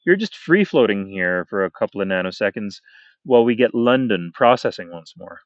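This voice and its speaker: A man voicing a brisk, smartly dressed American man who speaks with an American accent and odd intonation. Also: on the low side, expressive, no echo. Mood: breezy. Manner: offhand, oddly intoned. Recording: dull, dry.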